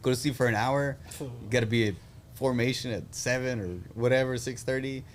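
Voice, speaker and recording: A man's voice: medium pitch, steady tone, a little fast, slight background noise. A young man, an Army veteran hosting a casual chat, telling blunt, profane stories with a laugh. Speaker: podcast host, Army veteran.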